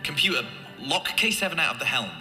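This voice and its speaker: A man's voice: a little high, lively intonation, fast talker, natural voice. A man playing a starship captain giving urgent, commanding orders to the ship computer. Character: alarmed male starship captain. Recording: reverberant hall, faint music.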